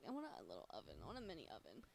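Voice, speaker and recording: Lively teen girl, giggly and rambling. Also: a bass voice, rapid-fire, gravelly. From California. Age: teens. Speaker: interviewee. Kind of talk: casual chat.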